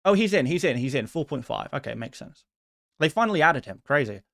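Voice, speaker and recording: A man's voice: a little high, big pitch swings, a little fast, creaky, a bit bright, no echo. A man talking on a live stream in an easygoing way, with a voice that rises and falls a lot. He jokes at his own expense and laughs often. His sound is close and dry, with no room around it. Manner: chatty, self-deprecating, laughs often. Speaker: fantasy football streamer. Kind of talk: casual live-stream chat answering viewer questions.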